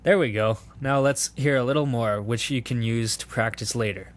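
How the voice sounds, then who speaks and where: A man's voice: medium pitch, moderate pace. A man from Canada giving dry, mock-instructional scripted comedic narration. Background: background music.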